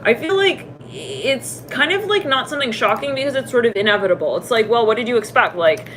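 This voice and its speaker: A woman giving a casual tarot reading to camera, chatty and laughing, putting on high voices when she quotes people. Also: expressive, a little fast, noisy background. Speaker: tarot reader.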